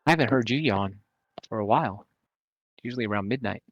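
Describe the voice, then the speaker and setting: A man's voice: lowish voice, fairly quick, no room sound, lo-fi sound. A man on voice chat in a game raid, teasing his friends in a wry way. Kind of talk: casual voice chat.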